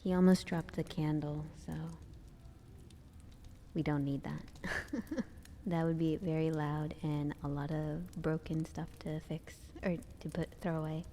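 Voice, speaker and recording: A young woman on a live stream, chatting softly from her room at home, giggling and often dropping into whispers. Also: low-pitched, level tone, measured pace, slight background noise. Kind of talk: soft-spoken live stream chat. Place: room at home with family nearby.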